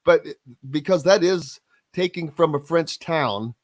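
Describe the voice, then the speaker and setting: A man, hosting a casual sports radio talk show with drawn-out, emphatic, opinionated delivery. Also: fairly high pitch, dry recording. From Southern Indiana.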